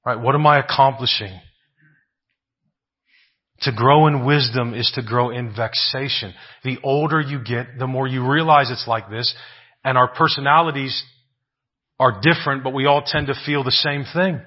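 Male preacher, sermon, husky voice, rhetorical questions, muffled lo-fi sound. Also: mid-range voice, steady tone, moderate pace. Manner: rhetorical questions, frequent "right?"; repeats phrases for emphasis.

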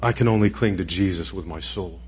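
A middle-aged man preaching a sermon as pastor, moving between quiet, intimate pleading and raised, emphatic declarations. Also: sits low, fairly quick. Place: church sanctuary.

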